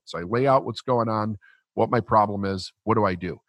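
A man's voice: on the low side, a little fast, fairly bright tone, dry recording. A man telling a blunt, profane story in conversation as a podcast guest.

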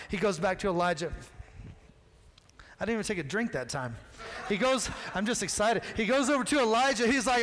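A male pastor with a notably high voice delivers a sermon. He tells the story in an animated, casual way and slips into the characters' dialogue. His voice rings out with the long reverb of a large hall. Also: fairly quick, slight background noise.

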